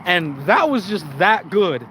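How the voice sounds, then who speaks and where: A man's voice: sits high, very animated, unhurried, a bit bright, slight background noise. A man hosting his own channel, chatting casually on a live stream, rambling and swearing often, with frequent restarts and stumbles. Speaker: channel host.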